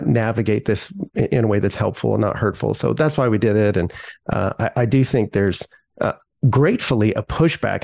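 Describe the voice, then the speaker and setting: A middle-aged man, a pastor, talking earnestly in a podcast interview and telling stories with animated emphasis. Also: on the low side, gravelly, no echo.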